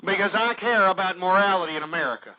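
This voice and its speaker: High-pitched man ranting on talk radio. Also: quick pace, dry recording. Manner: indignant, shouting insults, repetitive rhetorical questions. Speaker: call-in radio talk show host. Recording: dull lo-fi internet radio audio.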